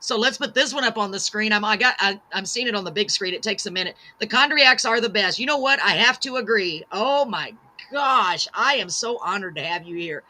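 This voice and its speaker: A woman's voice: mid-range voice, animated, fairly quick, bright, forceful tone. A woman hosting a live-streamed talk show, reading out viewer comments in a gushing, bubbly, self-deprecating way.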